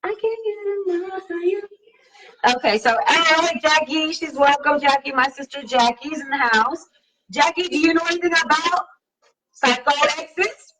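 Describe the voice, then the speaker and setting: A woman's voice: high-pitched, normal speed, bright, forceful tone, far from the mic, low-quality recording. A woman hosting a casual live-stream talk show, reading viewer comments and talking in an emphatic, slangy, sassy way. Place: home live stream over wireless connection.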